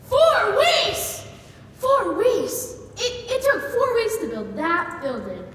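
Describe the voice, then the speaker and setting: A woman's voice: very high-pitched, wildly swooping pitch, slow pace, fairly bright tone, exaggerated voice. Woman playing a teasing young male sidekick. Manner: breezy, teasing, incredulous. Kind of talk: stage musical acting. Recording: echoey hall from far off.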